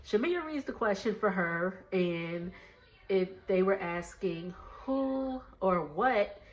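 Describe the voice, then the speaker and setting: A woman casually recapping a reality TV episode, gossipy and quick to laugh, acting out what the cast said. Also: medium pitch, dull audio, slight background noise. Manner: gossipy, laughs often, quotes cast members in lively voices. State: drowsy, winding down for bed. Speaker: recap vlogger.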